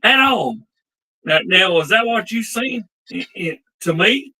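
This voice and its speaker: A man's voice: high-pitched, expressive, a little slow, pushed and bright, rough recording. A man co-hosting a casual sports talk show while drinking, profane and rambling.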